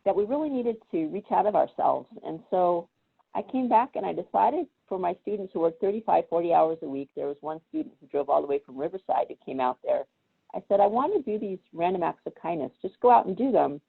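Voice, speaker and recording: Woman, low gravelly voice, husky, tinny phone-line sound, animated storyteller. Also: fairly quick. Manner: animated storyteller who acts out quoted voices. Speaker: guest speaker. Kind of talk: casual storytelling chat. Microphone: video call. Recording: tinny phone-like call audio.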